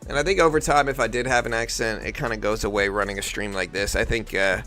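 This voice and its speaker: A man's voice: on the low side, quick pace, faint music behind. A man from near New Orleans with a faint Louisiana accent, chatting casually on a live day-trading stream and answering chat. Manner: relaxed, thinking aloud, answering chat. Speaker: day-trading livestream host.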